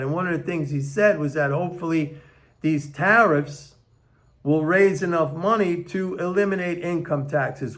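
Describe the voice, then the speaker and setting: An older man giving a casual, emphatic opinion monologue on economics, slowing down to stress his points, recorded on a camera on a tripod. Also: fairly high pitch, a bit bright. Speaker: economics commentator.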